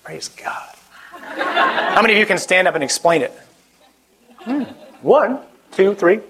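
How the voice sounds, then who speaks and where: A priest preaching a conversational sermon to a live audience, joking and putting questions to the listeners. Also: male voice, sits high, sing-song, a little slow, crowd noise, noisy background.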